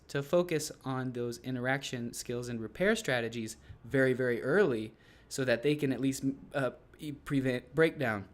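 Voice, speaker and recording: A man's voice: mid-range voice, normal speed, few pauses. A man who teaches English, casually explaining his classroom activities to other teachers in a loose, rambling way with frequent restarts.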